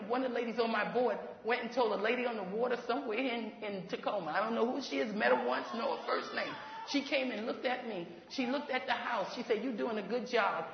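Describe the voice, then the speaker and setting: Woman, quick testimony storytelling, slightly high voice, echoey hall, dull lo-fi sound. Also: creaky, a crowd in the background. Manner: animated, laughs while talking, acts out quoted voices. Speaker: ministry leader.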